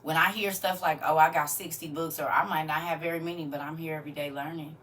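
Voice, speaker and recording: Bright-voiced woman chatting live to viewers. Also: deep voice, fairly even intonation, fast, recorded from a distance, slight background noise. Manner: chatty and preachy, laughs often, talks straight to her viewers. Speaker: live-stream host. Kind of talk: casual live-stream chat to viewers.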